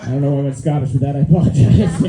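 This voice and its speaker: A man's voice: medium pitch, fast, creaky, a crowd in the background, noisy background. A man doing a stand-up comedy set in a lodge hall, loose and joking with crude asides. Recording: echoey room.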